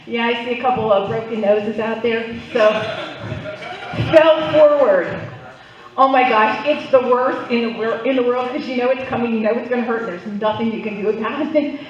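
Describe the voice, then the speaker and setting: A woman's voice: a little high, fairly even intonation, brisk. Woman doing stand-up in an echoey club. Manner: playful, chatty, works the crowd. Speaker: stand-up comedian. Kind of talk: stand-up comedy set. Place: club stage, live audience. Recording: roomy, distant, dull live recording.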